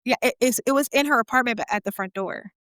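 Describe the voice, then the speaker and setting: A bright, clear-voiced woman tells a creepy story with lively energy. Her voice sits a little high, and she jumps into quoted voices and sassy asides. The sound is dry and close to the mic. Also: fast, no echo. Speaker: podcast co-host. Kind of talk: casual storytelling chat.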